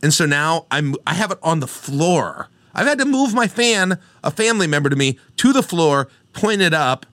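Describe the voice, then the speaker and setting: A man's voice: on the high side, normal speed, hardly any pauses, no echo. A middle-aged man co-hosting a sports podcast in casual, joking chat, with a Midwestern American accent. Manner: animated, joking, trails off into mumbles. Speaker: podcast co-host.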